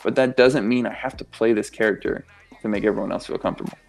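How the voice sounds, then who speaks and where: A man's voice: on the low side, fast, creaky, soft background music. A young man as a guest on a radio interview show, talking with passion and emphasis and swearing freely. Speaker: guest, pro athlete and coach.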